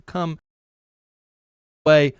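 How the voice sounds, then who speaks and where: A man's voice: drawn-out words, dry recording. A man co-hosting a podcast, reading out chat messages in a laid-back way. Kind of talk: casual chat.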